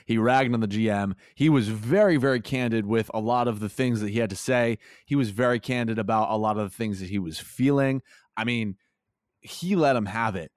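Laid-back young man with a low voice. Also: fairly quick, no room sound, studio quality. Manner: easygoing, laughs between points. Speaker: podcast co-host. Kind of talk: casual sports chat.

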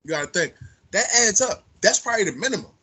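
A man's voice: high-pitched, lively intonation, quick pace, pushed and bright, breathy edge. A man co-hosting a podcast, telling stories in blunt, profane casual chat. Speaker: podcast co-host.

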